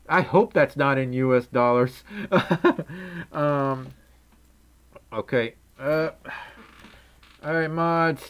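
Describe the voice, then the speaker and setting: Speaking slowly in a mid-range voice, a young adult livestreamer chats casually with viewers while reading chat. They adopt a fake Southern drawl, ramble, giggle, and laugh often.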